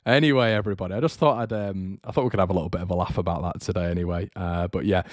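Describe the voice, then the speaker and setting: A young man talks in a loose, rambling livestream chat and stops now and then to read out viewer comments. His voice sits low. The close mic gives a dry sound with no room in it. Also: fairly even intonation, rapid-fire, a little mellow, dry recording. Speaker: fan channel host.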